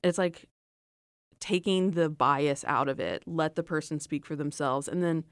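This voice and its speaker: A young adult woman hosting a podcast, chatting casually with quick asides and easy laughs. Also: deep voice, no echo, studio quality. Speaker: podcast host. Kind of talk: casual chat.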